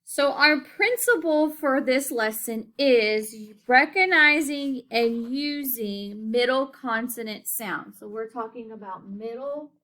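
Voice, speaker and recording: A woman teacher leads young children through a phonics lesson. Her voice sits a little high, and she speaks very slowly, drawing words out syllable by syllable. She keeps checking in with a gentle "okay?" between points. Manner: slow, clear, drawn-out enunciation with frequent "okay?" checks.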